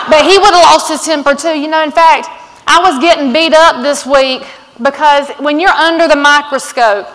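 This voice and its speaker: Outspoken Southern woman keynote speaker, high-pitched, with long stage reverb. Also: a bit bright. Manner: blunt, outspoken, folksy. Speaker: conference speaker. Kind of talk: fiery motivational keynote. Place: large conference hall.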